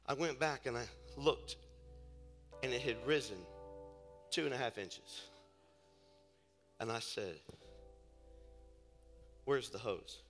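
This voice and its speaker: A male pastor preaching a sermon in a church, moving from hushed storytelling asides to shouted preaching. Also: mid-range voice. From Ohio, USA. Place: church sanctuary. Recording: church service with long reverb and faint music.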